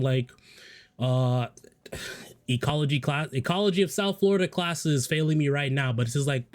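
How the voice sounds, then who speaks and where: A man's voice: fairly high pitch, darkish tone. A man casually telling a personal story to viewers, rambling with profane, joking asides. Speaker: storyteller vlogger.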